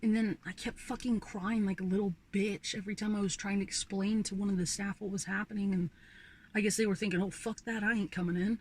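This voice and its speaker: A woman's voice: medium pitch, flat delivery, quick pace, darkish tone, breathy edge. A young woman vlogger ranting casually about her old job, swearing freely and sighing often. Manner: profane, ranting, sighs often. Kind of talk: casual rant.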